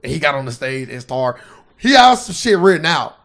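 Gravelly-voiced man chatting casually. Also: on the high side, fairly quick. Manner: animated storytelling, acts out quotes loudly. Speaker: podcast host. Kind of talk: casual chat.

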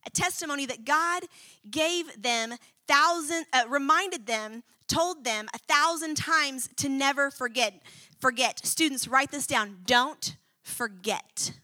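A woman preacher delivering a sermon to students, expressive and emphatic, reading scripture dramatically. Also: sits high, measured pace, no echo.

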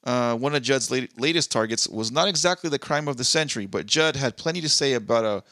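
Man, podcast co-host, bright forceful voice, dry close mic, blunt and profane. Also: medium pitch, brisk, no room sound. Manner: blunt, profane, reads articles aloud. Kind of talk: casual podcast chat, reading news aloud.

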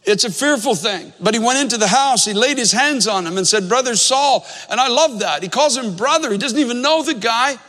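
Pastor, male, high voice, earnest storyteller, echoing sanctuary. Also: lively intonation, a little fast, few pauses, sharp tone. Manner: earnest storytelling, repeats phrases for emphasis. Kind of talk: sermon with storytelling.

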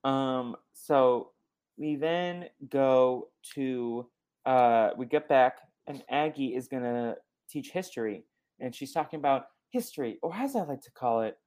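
A man hosts a podcast and recaps a movie scene by scene in a loose, chatty way. He tells it in a lively manner, acting out bits of what the characters say. His voice sits at a middling pitch for a man. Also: unhurried. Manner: animated retelling, acting out characters' lines. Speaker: podcast host. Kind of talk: casual movie recap chat.

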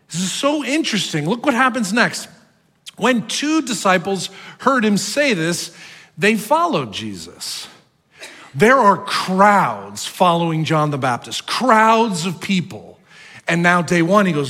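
A man's voice: sits high, very animated, unhurried, a bit bright, long reverb tail. A man from North Jersey with a New Jersey accent, preaching a sermon as pastor and acting out the voices of the people in his story.

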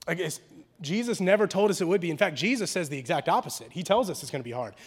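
Here a man preaches like he's chatting with friends, slang and all, swinging between soft closeness and big, lively volume. He speaks quickly, his voice on the high side and a bit rough.

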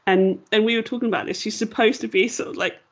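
A woman's voice: on the high side, fairly even intonation, fast. A woman hosting a casual film discussion podcast, talking in a rambling, self-deprecating way. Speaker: podcast host.

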